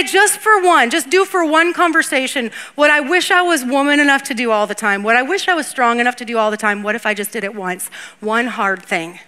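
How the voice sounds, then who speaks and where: A woman pastor speaks from a church stage in a high, bright voice. She preaches in a chatty, lively way and breaks into laughter often. She moves easily between preaching and interviewing guests.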